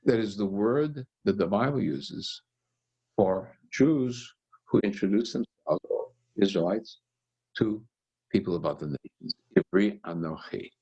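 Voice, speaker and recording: A man, a rabbi, teaching a scripture study session and telling the story with animated voices for its characters. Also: lowish voice, unhurried, husky, dull audio. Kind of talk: text study lesson.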